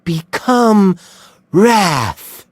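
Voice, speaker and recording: A man voicing a calm, smug male serial killer who speaks softly and slowly. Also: mid-range voice, no echo, pitched above the performer's own voice. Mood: menacing. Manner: soft, slow, mocking calm.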